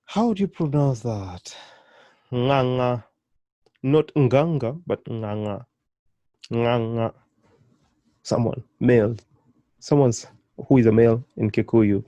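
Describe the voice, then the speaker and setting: A man's voice: lowish voice, warm tone, no room sound. A man teaching a beginner pronunciation lesson, patient and encouraging, repeating syllables one by one. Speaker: language teacher.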